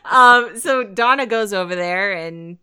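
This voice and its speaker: A woman co-hosts a podcast, casually recapping an episode scene by scene and giggling often. Her mid-range voice is bright, smooth, and forceful in tone, and she talks a little slowly. The talk is a relaxed episode recap chat.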